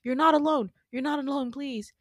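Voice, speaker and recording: A woman voicing a steady young man who soothes and reassures a panicking friend, in a retold dream story. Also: sits high, moderate pace, no echo, studio quality, pitched above the performer's own voice, lightly acted. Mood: soothing.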